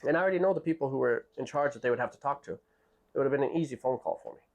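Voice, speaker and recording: Man, casual storytelling monologue, animated, acts out quoted voices. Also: mid-range voice, racing. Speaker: vlogger telling a story. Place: Japan.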